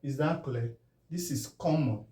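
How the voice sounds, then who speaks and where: A man with a Nigerian English accent teaches spelling, sounding words out slowly and often asking whether it is clear. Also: medium pitch, dark tone. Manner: drawn-out syllable-by-syllable pronunciation. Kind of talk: spelling lesson. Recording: echoey room from far off.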